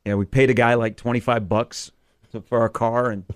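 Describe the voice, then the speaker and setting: A man's voice: medium pitch, flat delivery, moderate pace, smooth. A man hosting a sports radio show, talking casually and rambling with lots of filler words.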